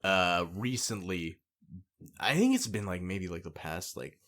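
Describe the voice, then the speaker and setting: A man's voice: low-pitched, lively intonation, measured pace, a bit bright. A man co-hosting a podcast, speaking frankly and hesitantly with lots of fillers and swearing. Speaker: podcast co-host. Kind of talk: casual podcast chat.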